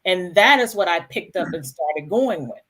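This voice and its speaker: Calm, reflective woman talking. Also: fairly low pitch, moderate pace, husky. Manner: reflective, calm and earnest, with many restarts. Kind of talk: casual conversation.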